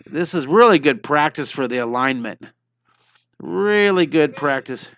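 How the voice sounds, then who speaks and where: A man's voice: a little high, expressive, measured pace, a bit bright. A middle-aged man teaching a live drawing lesson, chatty and enthusiastic, talking through every step as he draws.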